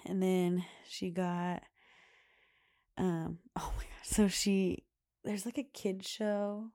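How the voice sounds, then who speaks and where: Chatty woman with a low, mellow voice. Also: steady tone, slow pace. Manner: chatty, laughs often, many "like" fillers. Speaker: podcast host, mother. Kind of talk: casual anecdotal chat.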